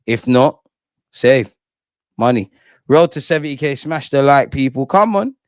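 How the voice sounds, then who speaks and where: A man hosts a live football reaction stream, talking casually and animatedly with plenty of slang as he responds to his viewers' chat. His voice sits at a middle pitch. The sound is dry and close, recorded on a desk mic in a small room. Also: a little mellow, dry recording. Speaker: football channel host.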